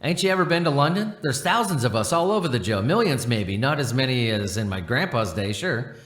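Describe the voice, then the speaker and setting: A man's voice: medium pitch, animated, a little fast, fairly bright tone, lightly acted. A man voicing a proud, chatty working-class male coach horse in a roomy room, reading the lines without a put-on accent. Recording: roomy echo.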